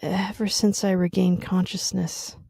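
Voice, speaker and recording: A woman reading aloud, voicing a wounded man who talks wryly and quietly about his possible last words. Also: fairly low pitch, little pitch movement, measured pace, vocal fry, dry recording, clean studio sound. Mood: wry, brooding.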